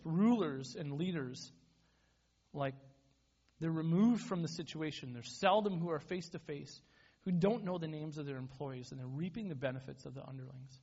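A pastor with a fairly high, breathy-edged voice preaches a sermon in a conversational, self-deprecating way, often restarting his words. The recording has a dull, lo-fi sound.

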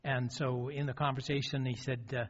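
A man's voice: medium pitch, flat delivery, normal speed. A male pastor giving a sermon. He tells a story with frequent restarts and fillers. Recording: dull lo-fi recording.

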